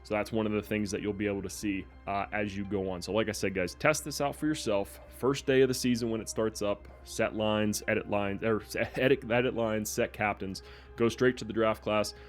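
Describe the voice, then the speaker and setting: A young man giving relaxed, chatty gameplay commentary as a gaming YouTuber, with plenty of fillers. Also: fairly low pitch, brisk, faint music behind.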